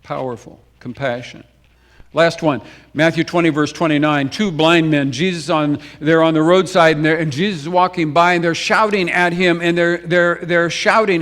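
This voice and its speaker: Man, pastor, sermon, slightly high-pitched, storytelling, repeats words, talks straight to the congregation. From United States. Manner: storytelling preacher, swings between brisk emphatic runs and slow hushed phrases; repeats words for emphasis, addresses the congregation directly. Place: church sanctuary.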